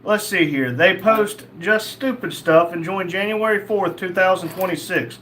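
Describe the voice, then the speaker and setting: A man hosts a casual livestream, reading chat comments out loud and answering them with blunt, crude jokes. His voice is high-pitched and fairly bright at a normal speed, with slight background noise.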